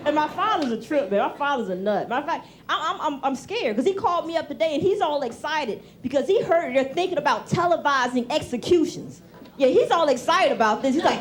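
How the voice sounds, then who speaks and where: Female stand-up, very high and lively, chatty, audience roaring in the background. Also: quick pace, a crowd in the background, noisy background. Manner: animated, conversational, acts out family members. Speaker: stand-up comedian. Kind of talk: stand-up set. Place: comedy club stage with audience. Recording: 1990s TV club recording. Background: audience laughter.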